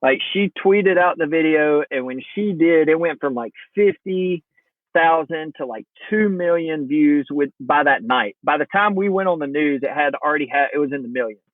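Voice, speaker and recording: A man's voice: fairly high pitch, moderate pace, no echo. A man, a podcast guest, telling a story in casual conversation and acting out the dialogue of the people in it. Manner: animated, acts out quoted dialogue. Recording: tinny phone-line sound.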